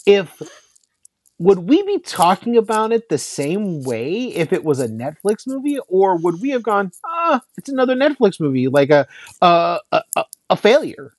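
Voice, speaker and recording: A man talking about movies in loose casual chat, his voice sitting a little high. He rambles and restarts, full of fillers. The sound is dry and close. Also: sing-song, measured pace, dry recording. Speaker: podcast co-host.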